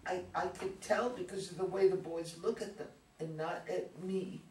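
A woman's voice: lowish voice, fairly even intonation, normal speed, dark tone, natural voice. A woman reads an insecure teenage girl, her voice pleading and wounded. The sound comes from a distance in an echoey room, with a faint hiss. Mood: sad. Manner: pleading, hurt and defensive. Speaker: actor in a community reader's theater. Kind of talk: staged play reading. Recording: roomy, distant mic with faint noise.

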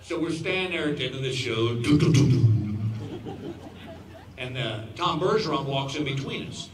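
A man in his fifties telling a stand-up story on stage, animated and acting out voices as he laughs along. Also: medium pitch, fairly quick, background noise. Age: 50s. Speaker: stand-up comedian. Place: outdoor stadium show. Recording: echoey stadium sound from far off. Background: crowd laughter and ambience.

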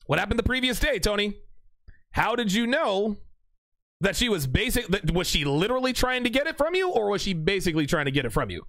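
A young man hosts a casual livestream, reading viewers' chat aloud and joking in mock courtroom style. His voice sits high and swings widely in pitch, with a gravelly rasp. The sound is dry and close, with no room around it. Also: a little fast, dry recording. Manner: animated, laughing, mock courtroom banter.

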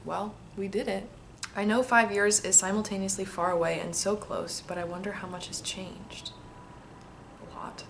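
A woman's voice: mid-range voice, moderate pace, creaky, slight background noise. Chatty young woman reading her old letter. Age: 20s. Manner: chatty, excitable, reflective, frequent laughs. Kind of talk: casual vlog, reading aloud and answering.

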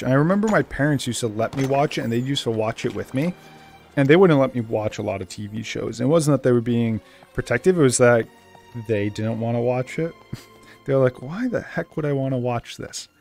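A young man with a Boston accent, rambling casually as he hosts a game let's play and bursting into excitement now and then. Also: mid-range voice, gravelly. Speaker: gaming channel host.

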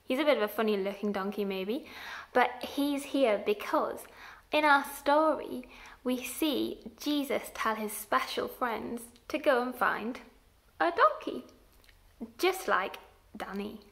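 A woman leading a church group for small children, talking slowly in a sing-song, encouraging way to the young viewers. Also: on the high side, expressive, vocal fry. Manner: slow, sing-song and encouraging, like speaking to toddlers. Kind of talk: addressing small children on video.

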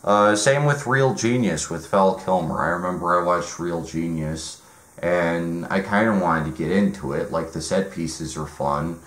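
A man ranting in a deadpan comedic way, rambling and halting, full of fillers and swearing. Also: low voice, echoey room. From United States. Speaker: comedic ranter.

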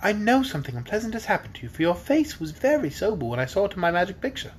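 A gentle fairy girl ruler from a storybook, as a man reading aloud puts her on. She speaks graciously and formally, higher than his own voice, with a breathy softness and a lilting, lively pitch. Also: fast talker, heavily acted. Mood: tender.

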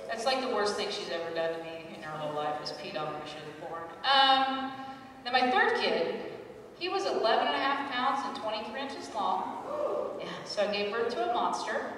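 A woman's voice: on the high side, expressive, brisk, recorded from a distance, a little hiss or hum. Wry woman comic in an echoey hall. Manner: wry, self-deprecating storytelling with loud acted asides. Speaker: stand-up comedian. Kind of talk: stand-up comedy set. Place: live comedy stage. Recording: echoey hall, mic heard from afar.

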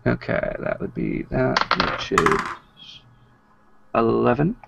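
A man's voice: mid-range voice, very animated, slow, creaky, lo-fi sound, very noisy. A man playing in an online tabletop game, talking hesitantly with many fillers. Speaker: player.

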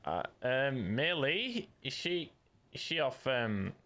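A man's voice: medium pitch, sing-song, slow pace, bright, forceful tone. A man with a Yorkshire accent chatting casually while playing a video game, joking and stumbling over restarts. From Yorkshire, England. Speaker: streamer. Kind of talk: casual gaming chat.

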